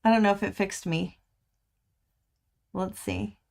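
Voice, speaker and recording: An older woman, chatting excitedly and laughing easily as host of a quilting livestream. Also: mid-range voice, a little slow, vocal fry. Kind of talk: casual chat to live viewers. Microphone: webcam livestream.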